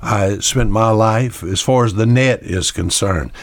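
A man's voice: on the low side, measured pace, dry recording. An older man giving a folksy, conversational radio sermon as host, repeating key words for emphasis. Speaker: radio preacher.

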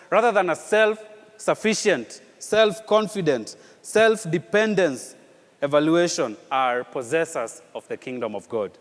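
A man preaching a sermon with a slightly high voice. He repeats phrases and asks rhetorical questions with animated emphasis. His voice carries a long reverb from a church hall. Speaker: pastor.

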